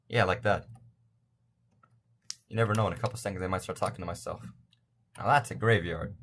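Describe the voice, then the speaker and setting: Rambling young man with a low voice. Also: a little fast, pauses often, a bit bright. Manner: rambling, self-deprecating jokes. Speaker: let's play gamer. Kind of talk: casual gameplay commentary. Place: his bedroom.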